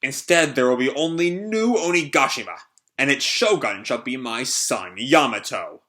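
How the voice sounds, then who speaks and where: A man reading the lines of a huge, menacing male pirate emperor who makes booming proclamations, in a bright voice. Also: expressive, moderate pace. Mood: proclaiming.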